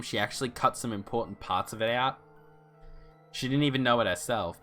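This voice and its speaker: A man's voice: lowish voice, pushed and bright. A man streaming a video game, joking and swearing in casual commentary.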